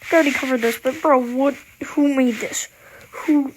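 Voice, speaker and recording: A woman's voice: sits high, steady tone, normal speed, background noise. A woman casually explaining history in a rambling, slangy, offhand way. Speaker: video creator.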